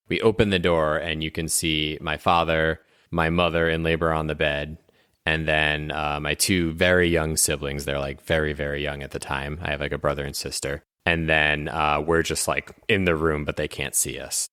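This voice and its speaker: A man with a low, dry voice narrates a tabletop game as game master. He talks casually and leans on fillers. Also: steady tone, moderate pace, a bit bright, clear, resonant tone, no echo. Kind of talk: tabletop role-play narration.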